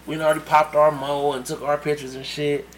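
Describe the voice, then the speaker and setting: A man telling a story in casual chat, animated and laughing often as he acts out quotes. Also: a little high, fairly quick, crowd noise, poor audio. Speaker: podcast co-host telling a story.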